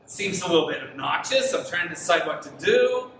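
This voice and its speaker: High, bright-voiced preacher in an echoey church. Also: male voice, brisk, hardly any pauses, a little hiss or hum. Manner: animated storytelling, rising to near-shouts in frustration. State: tired from lack of sleep. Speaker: pastor. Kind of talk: sermon. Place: church sanctuary. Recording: echoey room, mic at a distance.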